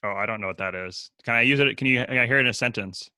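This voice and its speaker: A man's voice: medium pitch, rapid-fire, pushed and bright, dry recording. A man, co-hosting a casual book podcast, joking and swearing casually. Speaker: podcast co-host. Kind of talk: casual chat.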